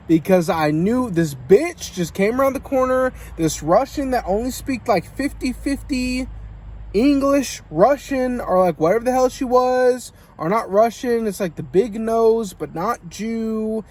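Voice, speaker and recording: Profane rambling American man, high voice. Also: lively intonation, measured pace, darkish tone, a little hiss or hum. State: drinking, coughing. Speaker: vlogger. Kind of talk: casual rambling vlog monologue.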